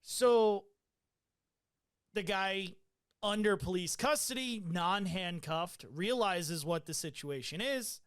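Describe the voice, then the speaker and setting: A man's voice: sits high, clean tone. A man hosting a podcast, casually recounting a medical call in a loose, profane way with many fillers. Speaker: podcast host.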